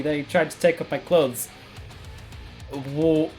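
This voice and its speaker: A man streaming a text adventure game, reading it aloud and reacting with sudden loud outbursts. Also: a little high, steady tone, a little fast. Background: faint background music.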